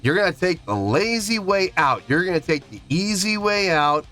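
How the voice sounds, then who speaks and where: A man's voice: sits high, sing-song, normal speed, bright, forceful tone, soft background music. A man reviewing a song in an emphatic, indignant rant, counting out beats aloud. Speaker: music reaction reviewer.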